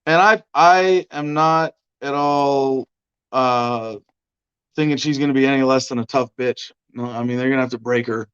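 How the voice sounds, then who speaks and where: A man's voice: medium pitch, moderate pace, a bit bright, clear, resonant tone. A man hosting a casual livestream, talking in a loose, rambling way and hedging as he goes. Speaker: show host. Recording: muffled lo-fi stream audio.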